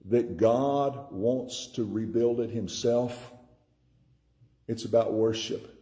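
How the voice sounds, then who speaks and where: A man from Tennessee preaching a sermon as pastor, slowing down and repeating key words for emphasis. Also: mid-range voice, warm tone.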